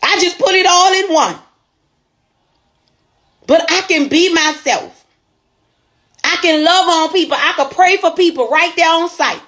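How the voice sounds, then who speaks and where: A woman's voice: very high-pitched, unhurried, pauses often, a bit bright. A woman store owner telling a motivational testimony in a folksy, preachy storytelling way.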